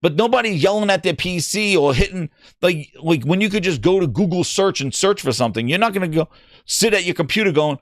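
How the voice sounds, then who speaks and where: A man's voice: high-pitched, very animated, fairly quick, no echo, clean studio sound. A man hosting a gaming podcast, talking in a rambling, casual way with lots of fillers and restarts. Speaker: podcast host.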